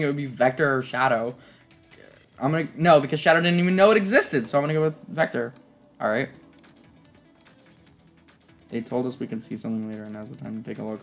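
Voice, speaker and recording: A woman commenting on a story game as she plays, reading its dialogue aloud and swearing and yelling in frustration. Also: very deep voice. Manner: swears freely and yells in frustration; reads the game's dialogue lines aloud. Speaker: gamer playing through a story game. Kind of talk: let's play commentary.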